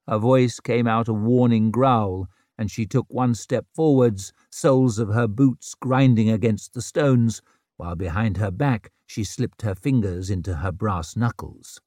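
Male narrator, audiobook reading, slow delivery, wry, dry sound. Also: mid-range voice, a little mellow, no room sound.

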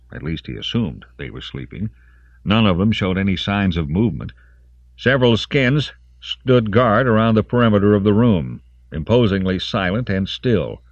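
Man reading a gritty audiobook, really deep voice, dry dull sound. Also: dry recording. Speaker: audiobook narrator. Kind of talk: scripted narration.

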